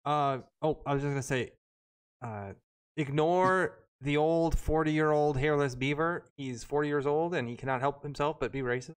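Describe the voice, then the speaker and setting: A man's voice: on the high side, moderate pace, clean tone. A man chatting casually during a game stream, laid-back and rambling in his banter. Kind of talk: casual gaming chat.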